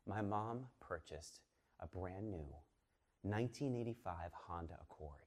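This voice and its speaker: A man in his fifties from the Boston area, telling a personal story to a live audience in a chatty, animated way with many fillers and restarts. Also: mid-range voice. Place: stage before a live audience.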